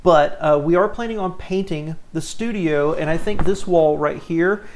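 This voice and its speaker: Male host, somewhat high voice with a gravelly edge, expressive and earnest, casual talking-head delivery to camera. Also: moderate pace. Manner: animated, sincere, talks with his hands. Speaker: car channel host. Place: home studio.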